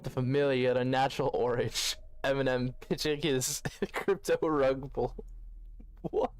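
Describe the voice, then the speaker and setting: A man's voice: medium pitch, fairly even intonation, measured pace. A man giving casual let's-play commentary, joking and thinking aloud as he plays. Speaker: gaming video host.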